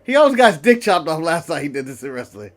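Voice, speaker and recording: A man co-hosting a podcast, joking around in casual, animated chat and laughing a lot. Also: a little high, quick pace. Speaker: podcast co-host.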